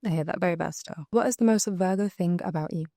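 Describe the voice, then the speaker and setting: A woman interviewing a guest, upbeat and encouraging as she asks quickfire questions. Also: lowish voice, warm tone, dry recording, clean studio sound.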